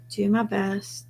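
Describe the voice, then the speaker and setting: Slow, gravelly woman chatting. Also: mid-range voice, a little mellow, a little hiss or hum. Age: 40s. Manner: rambling and chatty, trailing off mid-thought. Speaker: vlogger hosting a live stream. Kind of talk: casual live-stream chat.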